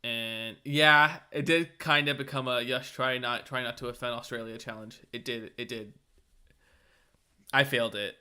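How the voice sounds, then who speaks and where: A man's voice: mid-range voice, steady tone, normal speed, sharp tone, clear, resonant tone. A man co-hosting a TV aftershow in casual chat, rambling through jokey tangents. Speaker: aftershow co-host.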